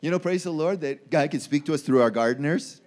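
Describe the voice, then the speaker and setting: High-voiced animated male preacher. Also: a little fast. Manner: animated, acts out quoted voices with rising pitch. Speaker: pastor. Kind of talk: sermon. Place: church.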